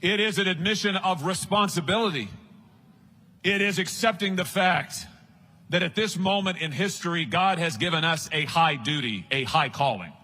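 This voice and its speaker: A man's voice: sits high, moderate pace, sharp tone. A man giving a rousing political speech at a conference, emphatic and repetitive, talking straight to the crowd.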